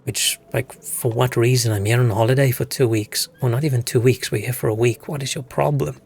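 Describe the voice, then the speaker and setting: Gravelly and darkish with a breathy edge, this mid-range male voice stays steady and moves a little fast. The speaker, a young South African, streams a game and chats casually, telling rambling stories and swearing along the way.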